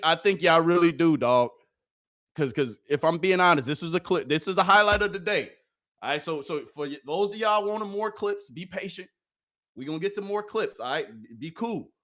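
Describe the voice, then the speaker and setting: A man hosting a live sports reaction stream, loud and excitable, often yelling and laughing into a close microphone. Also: a little high, moderate pace. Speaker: sports reaction livestream host. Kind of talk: hyped live commentary on football clips. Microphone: close microphone he yells into.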